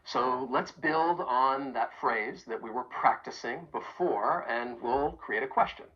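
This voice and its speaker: An accent coach with a remarkably deep, low voice leads a pronunciation lesson, speaking clearly and deliberately and leaning on each sound so learners can copy it. The recording is a little dull and muffled.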